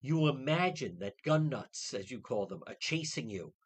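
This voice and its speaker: A man hosting a radio talk show, ranting indignantly and mocking others' words in quick put-on quotes. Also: medium pitch, very animated, husky.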